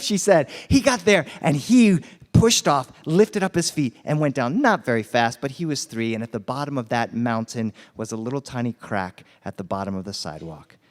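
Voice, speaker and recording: A man telling a personal story live to families, animated and acting out voices, dropping in Spanish phrases. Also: on the high side, in a large hall. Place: festival tent, live audience.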